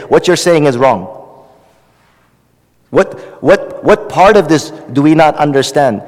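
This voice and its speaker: A man's voice: fairly high pitch, darkish tone, long reverb tail. A man teaching hadith, delivering an impassioned sermon with pleading, repetitive emphasis. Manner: passionate, pleading, rising and falling emphasis, repeats phrases.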